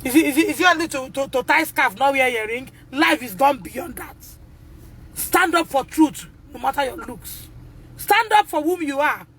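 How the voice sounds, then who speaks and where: Indignant Nigerian mother with a high voice who drives her points home by repeating them. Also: a bit bright, slight background noise. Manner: emphatic and indignant, repeating phrases, addressing the school directly. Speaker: mother of a pupil. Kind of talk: impassioned live video appeal.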